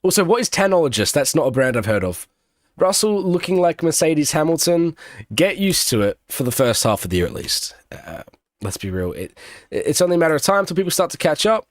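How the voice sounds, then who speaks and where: Young male streamer, casual race commentary, slightly high voice, dry close sound. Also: big pitch swings, brisk, no room sound. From Australia. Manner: chatty, banters with chat between race calls. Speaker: streamer doing live watch-along commentary.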